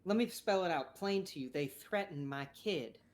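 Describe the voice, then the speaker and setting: A woman's voice: lowish voice, expressive, normal speed, darkish tone, natural voice. A woman voicing a frightened but defiant mother, pleading and then turning curt. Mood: desperate.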